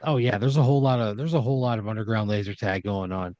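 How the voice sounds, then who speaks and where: A man's voice: on the low side, fairly even intonation, fast talker, a little mellow, no room sound, lo-fi sound. A man improvising a second-person story as a podcast storyteller, rambling with uhs and restarts.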